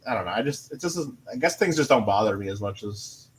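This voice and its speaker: A man chatting in a relaxed, hesitant way while playing a game on a live stream, often laughing and trailing off. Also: on the low side, fast. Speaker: streamer and chat moderator. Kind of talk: casual stream chat while gaming.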